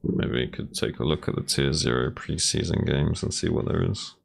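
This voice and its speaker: A man's voice: rumbling low, normal speed, vocal fry, husky. A man who casts games, chatting casually in a rambling, teasing way. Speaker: game caster. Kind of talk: casual chat.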